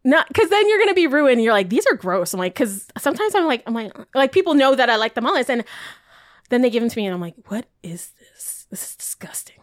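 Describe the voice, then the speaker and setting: A woman's voice: high voice, big pitch swings, quick pace, no echo, studio quality. A woman podcast co-host, talking casually with lots of "like" fillers. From Puerto Rican heritage. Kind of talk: casual chat.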